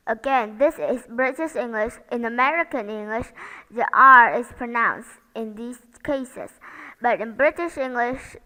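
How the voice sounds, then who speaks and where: A woman's voice: fairly high pitch, pushed and bright, smooth, long reverb tail, rough recording. A woman teaching English pronunciation, modeling each sound carefully and asking learners to repeat after her. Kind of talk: slow, careful pronunciation lesson.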